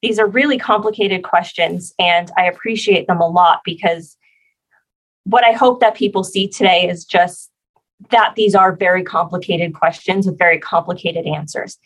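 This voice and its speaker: A woman guest on a podcast interview, explaining her work as a facility planner in a measured way. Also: on the low side, poor audio.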